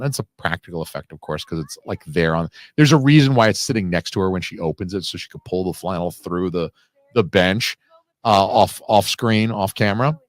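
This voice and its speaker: In a low voice with no echo, a man rambles through live film commentary, swearing freely, wandering off on tangents, and filling his speech with fillers in a casual way.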